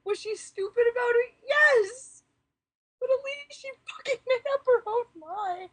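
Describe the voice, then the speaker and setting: A young woman co-hosting a casual podcast, excitable and blunt, swearing freely. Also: very high voice, measured pace. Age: young adult. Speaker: podcast co-host. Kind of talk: casual chat.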